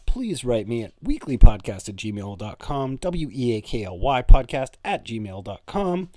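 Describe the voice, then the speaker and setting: A man's voice: mid-range voice, big pitch swings, measured pace, mellow, dry recording, studio quality. A man from Toronto, hosting a solo comedic podcast in a playful, rambling way. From Toronto, Canada. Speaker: podcast host.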